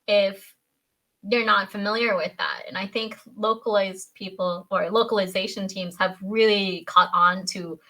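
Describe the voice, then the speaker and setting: A woman's voice: mid-range voice, fairly even intonation, pushed and bright. A woman who is a parent, chatting as a podcast guest and playfully acting out quoted lines in silly voices. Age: adult, a parent. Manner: chatty, quick to act out quotes in funny voices. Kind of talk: casual chat.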